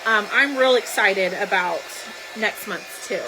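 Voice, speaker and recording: A woman's voice: medium pitch, takes it slowly, background noise. A woman hosting a crafting live stream, chatting casually and greeting viewers by name.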